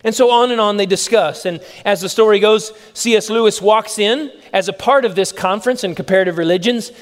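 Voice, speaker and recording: Man, preacher, sermon, high voice, emphatic, repeats for stress, long hall reverb. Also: a little fast. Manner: emphatic, repeats phrases and asks the audience questions.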